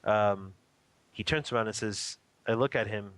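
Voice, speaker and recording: Guy with a lowish voice telling a story on a radio interview, earnest, keeps rephrasing stuff as he goes. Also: moderate pace, a bit bright, clear, resonant tone, no room sound. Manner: earnest, vivid storytelling, repeating and rephrasing as he describes what he saw. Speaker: spiritual teacher and interview guest.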